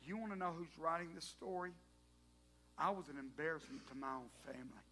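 A preacher voicing an impassioned shamed tax collector. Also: male voice, on the high side, a little fast, sharp tone, soft background music. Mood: ashamed defiance. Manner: rising, impassioned declaration. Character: ashamed male tax collector confessing his disgrace.

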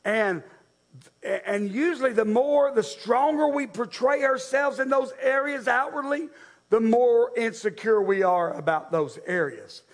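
Pastor guy preaching, gravelly voice, talks right at the men and ladies in the pews. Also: extremely high pitch, measured pace. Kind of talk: sermon.

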